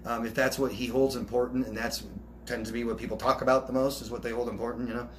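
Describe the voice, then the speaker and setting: A man's voice: mid-range voice, flat delivery, quick pace, a little hiss or hum. A man coaching viewers, reading out their comments and answering them in a chatty, reassuring way. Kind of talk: casual solo Q&A, reading out comments.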